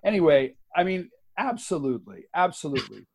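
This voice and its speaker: A man's voice: a little high, sing-song, fairly quick, gravelly, a little mellow. A man with a voice sitting a little above the usual male range, speaking as an interview guest. He talks with passion and insistence, stressing key words. He often breaks into laughter and restarts his sentences. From United States. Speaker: guest author and activist. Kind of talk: conversational interview.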